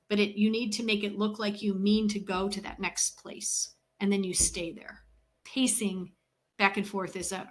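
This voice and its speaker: A woman communication coach presenting to a meeting, speaking in a measured, deliberate way and walking through her points one by one with clear emphasis and pauses. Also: medium pitch, a bit bright. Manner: instructive, lists points one by one. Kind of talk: professional talk to a meeting.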